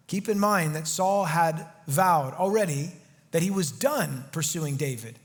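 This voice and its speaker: A man preaching an expository sermon as pastor, animated and rising to urgent emphasis. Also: high-pitched, normal speed. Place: church sanctuary. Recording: long reverb of a church hall.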